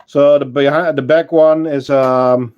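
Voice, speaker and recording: A man hosting a casual livestream, chatting with viewers and answering their comments, unhurried and full of fillers and self-corrections. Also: fairly high pitch, fairly even intonation, darkish tone, clear, resonant tone, highs cut off. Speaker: ant-keeping channel host and shop owner.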